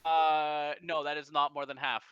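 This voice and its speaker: A man's voice: on the high side, level tone, a little slow, fairly bright tone, clear, resonant tone, no echo, muffled recording. A man playing a tabletop game, joking and confident about his moves. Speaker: player.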